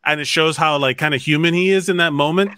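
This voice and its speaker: A man's voice: a little high, quick pace, bright, forceful tone, clear, resonant tone, dry recording. A man chatting casually on a video call, rambling and thoughtful. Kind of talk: casual chat.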